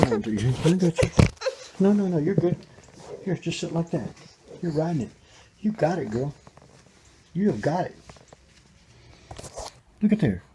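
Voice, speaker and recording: A man's voice: on the high side, noisy background. An older man filming a casual home video, chatting and coaxing his baby granddaughter as he talks to her.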